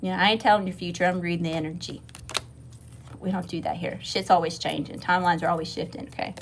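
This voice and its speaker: A woman's voice: on the low side, a little fast, gravelly, a bit bright, a little hiss or hum. A woman from Mississippi with a Southern accent, giving a casual livestream tarot reading, swearing freely and calling her viewers y'all. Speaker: tarot reader.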